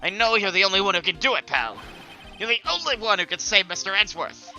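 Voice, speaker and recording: A man voicing a gruff, loyal male police detective in a put-on Southern accent, calling everyone "pal" while reading a video game. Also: high voice, animated, fast talker, sharp tone, soft background music, voice pushed up, heavily acted. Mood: pleading. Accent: put-on American Southern. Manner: folksy, says "pal" often. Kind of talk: Let's Play voice acting of game text.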